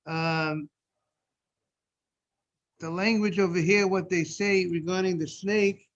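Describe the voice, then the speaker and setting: High-voiced rabbi teaching Talmud. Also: male voice. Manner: explains step by step, repeating and restarting phrases; breaks off to greet people joining. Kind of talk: Talmud study lesson.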